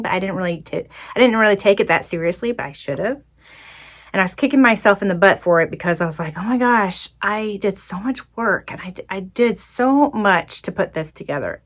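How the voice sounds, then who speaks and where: A woman hosting her own podcast, telling a personal story in a chatty, expressive, self-deprecating way. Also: lowish voice. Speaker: podcast host. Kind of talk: casual solo podcast storytelling.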